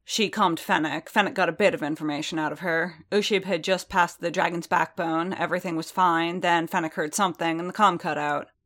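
A woman's voice: fairly low pitch, fairly even intonation, brisk, hardly any pauses, a bit bright, close to an everyday voice. A woman reading the lines of a grim, wary veteran male bounty hunter who speaks in a dry, terse, understated way.

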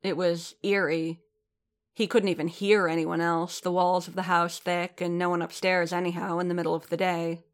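A woman narrating an audiobook in a measured, steady reading voice. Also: lowish voice.

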